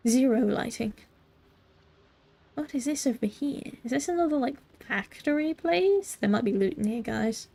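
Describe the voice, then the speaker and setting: A woman's voice: a little high, mellow. A woman streaming a game live, chatting with viewers in a playful, mock-formal way while she plays. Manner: playful mock-formal phrasing, talks to chat. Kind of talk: live gaming commentary, reading chat.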